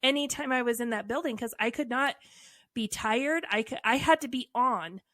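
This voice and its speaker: A woman co-hosting a casual podcast, her voice sitting a little high. She tells her stories bluntly and animatedly, with wry asides. The sound is dry and close, with almost no room behind it. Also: normal speed, fairly bright tone, no room sound. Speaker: podcast co-host. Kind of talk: candid casual conversation.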